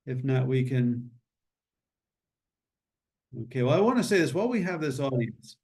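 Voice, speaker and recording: A man hosting a memorial meeting over a video call, with an average pitch. His talk is loose and easygoing, with jokes and small detours as he invites others to speak. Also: normal speed. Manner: relaxed, joking, meandering. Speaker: meeting host. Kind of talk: casual memorial meeting chat.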